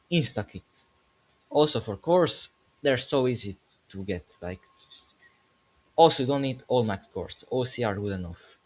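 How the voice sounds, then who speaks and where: A man making a casual gaming commentary video, joking as he goes and correcting himself mid-sentence. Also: mid-range voice.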